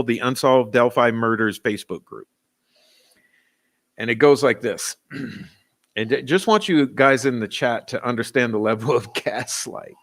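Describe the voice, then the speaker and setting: A man's voice: mid-range voice, fairly bright tone, dry recording. A man hosting a casual talk stream, chatting conversationally and addressing his viewers. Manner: conversational, talks to his chat. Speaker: host. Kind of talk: casual chat.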